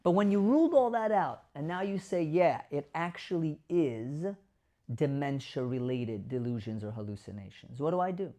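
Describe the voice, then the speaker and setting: A man hosts a caregiver advice show as a doctor, explaining things straight to camera with emphasis and sometimes acting out sample dialogue. His voice is a little high, animated and dark in tone, at a normal speed.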